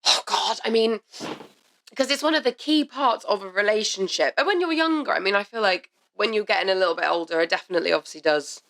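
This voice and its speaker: A young woman co-hosting a podcast, chatting in a bubbly, jokey way with quick asides. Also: medium pitch, a bit bright. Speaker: podcast co-host. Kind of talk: casual chat.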